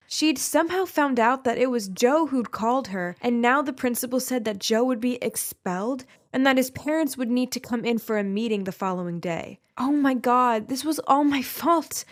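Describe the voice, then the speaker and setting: A young woman reading a scripted first-person story aloud, giving the quoted people only small shifts of her own voice. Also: on the high side. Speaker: story narrator.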